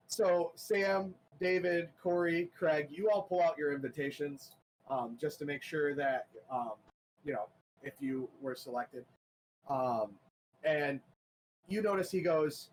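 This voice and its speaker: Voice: medium pitch, measured pace, slight background noise, rough recording. A game master narrating a tabletop game, rambling with many fillers and light laughter.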